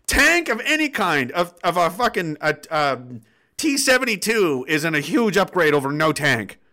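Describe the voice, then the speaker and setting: Animated, sarcastic Canadian man ranting. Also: a little high, normal speed. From Nova Scotia, Canada. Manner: sarcastic, animated, swears, laughs often. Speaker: livestream host reading chat. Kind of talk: casual rant reading viewer comments.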